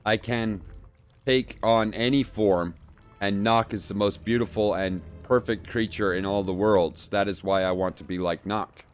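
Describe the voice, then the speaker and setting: Casting: low-voiced man voicing a petulant, spoiled female filth demon queen from a video game. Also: fairly even intonation, unhurried, clean tone, faint music behind, close to an everyday voice. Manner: petulant, reading game dialogue aloud.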